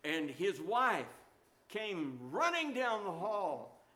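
Bright-voiced preacher telling a story. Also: male voice, sits high, slow pace. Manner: storytelling, animated, exhorting. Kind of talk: sermon.

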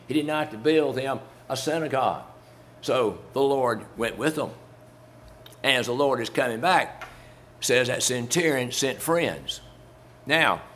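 A man's voice: mid-range voice, a bit bright, a little hiss or hum. Man preaching in a folksy, conversational way. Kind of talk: sermon.

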